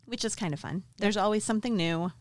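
A woman's voice: mid-range voice, quick pace, dry recording. A woman co-hosting a podcast in casual, enthusiastic chat, with a slight New York accent. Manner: enthusiastic, chatty, grateful. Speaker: podcast co-host.

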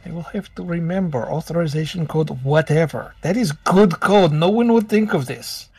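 A blunt, literal-minded soldier, as a man puts him on in a tabletop game, clipping his sentences and dropping his articles. The voice sits high for a man. It is recorded dry and a little away from the mic. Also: moderate pace, a little mellow, slightly rough, no room sound, distant mic. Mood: deadpan. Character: gruff male soldier who speaks in clipped broken English. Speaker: player. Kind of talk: voicing a character in a tabletop game.

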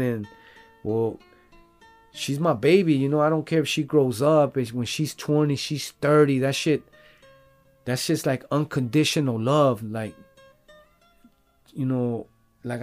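A man's voice: medium pitch, darkish tone. A man, a rapper, telling a personal story in a loose, rambling, casual way with lots of fillers and swearing.

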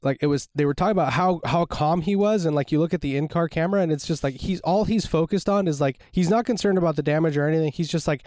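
A man's voice: on the high side, fast, few pauses, darkish tone, no echo, studio quality. A man hosting a casual chat, laid-back and sprinkling his talk with slang and fillers.

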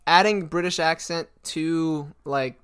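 A young man co-hosts a casual podcast, chatty and quick to laugh. His voice sits a little high. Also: fairly bright tone, clear, resonant tone. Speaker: podcast co-host. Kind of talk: casual chat.

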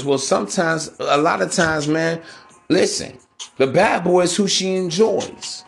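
A man's voice: high-pitched, moderate pace, creaky. Preachy, profane man podcasting. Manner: profane, preachy, calls listeners bro. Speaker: podcast host. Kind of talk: casual monologue.

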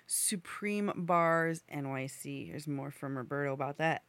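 A woman's voice: low-pitched, unhurried, a bit bright, no echo. A woman hosting a casual podcast, wrapping up the show, rambling and laughing as she stumbles over guests' names. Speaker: podcast host. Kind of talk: casual chat, show sign-off.

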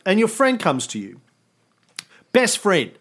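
A man's voice: sits high, huge pitch swings, slow pace, a bit bright. A man co-hosting a history podcast, telling history as an irreverent, profane story with homespun analogies. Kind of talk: casual history podcast chat.

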